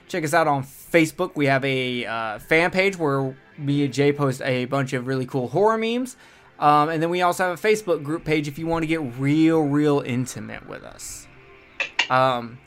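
A man's voice: mid-range voice, fairly bright tone, smooth. A man hosting a horror podcast, wrapping up with casual, rambling and crude joking talk. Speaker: podcast host. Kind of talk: casual podcast outro chat.

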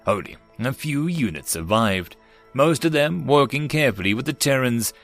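A man narrating a science-fiction web novel as an audiobook in a steady storytelling read. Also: mid-range voice, normal speed, soft background music. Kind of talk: scripted narration.

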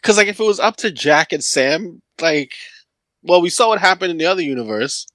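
A man's voice: a little high, animated, fairly bright tone, no echo. A man co-hosting a podcast, chiming in with dry jokes and short quotes in casual chat. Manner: dry interjections and quick jokey quotes. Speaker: podcast co-host.

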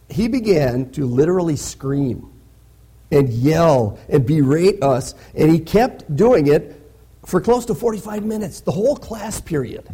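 A man's voice: sits high, mellow. A man preaching a sermon in a conversational way, often checking in with "right?". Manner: conversational, peppers lines with "right?". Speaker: pastor.

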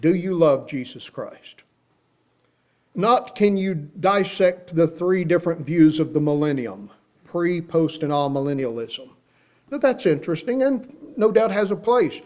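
A man's voice: on the high side, lively intonation, a little slow, a little mellow. A man preaching a sermon who retells the story and acts out the quoted speech, and who puts direct questions to his listeners.

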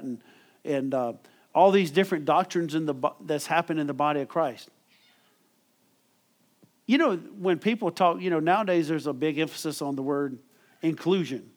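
A man's voice: a little high, normal speed, pauses often. A middle-aged man preaching a sermon as pastor, emphatic and calling for amens from the congregation. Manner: emphatic preaching with call-and-response.

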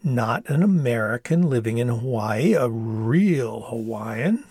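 A man's voice: medium pitch, expressive, slow, a little mellow, husky, no echo, clean studio sound, heavily acted. A man doing a theatrical sing-song young man. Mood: playful. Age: young adult. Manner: sing-songy game-show delivery.

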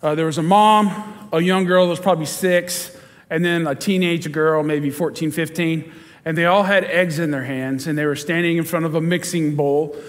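A man, a pastor, giving a sermon and telling a story with lively storytelling and chuckles. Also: fairly high pitch, moderate pace. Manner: storytelling, animated, chuckles while telling stories. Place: church sanctuary. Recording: church hall with long reverb.

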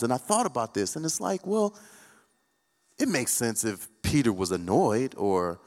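A man's voice: mid-range voice, very animated, moderate pace, darkish tone, in a large hall. A man preaching a sermon, retelling a Bible story and acting out the characters' words with rising and falling intensity. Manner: retells scripture with dramatic quoted voices, rising and falling intensity.

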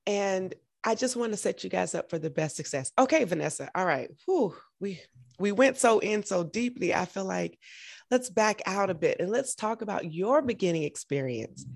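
A woman's voice: medium pitch, animated, moderate pace, creaky. A woman hosting a podcast, talking earnestly and emotionally to encourage beginners in a casual interview. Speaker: podcast host.

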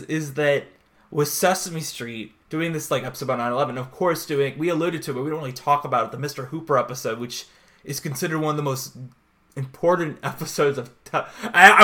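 Animated young man rambling in casual chat. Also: a little high. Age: 20s. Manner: rambling and animated, heavy use of "like", retells scenes with voices. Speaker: podcast co-host.

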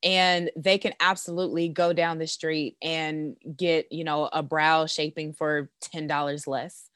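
A woman's voice: sits low, flat delivery, unhurried, fairly bright tone, clean tone, no room sound, clean studio sound. A woman, a beauty business owner and coach, talking confidently in a podcast interview with many "you know"s. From United States. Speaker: esthetician and business coach guest.

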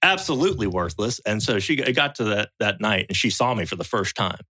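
A man's voice: fairly low pitch, animated, brisk, pushed and bright, breathy edge. A man from the United States, a podcast guest, telling a story in blunt, profane casual talk. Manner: blunt and profane, quotes others as he tells it.

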